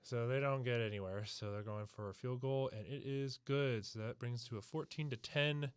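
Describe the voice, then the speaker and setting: A man's voice: medium pitch, moderate pace, clean tone, no echo. A man calls a football game for his stream in an easygoing fan play-by-play, sighing between plays and still out of breath. His voice sits in a middle range and sounds dry and close on a headset mic, with no room around it. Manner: relaxed, sighs between plays. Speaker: stream host. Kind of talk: casual live fan play-by-play.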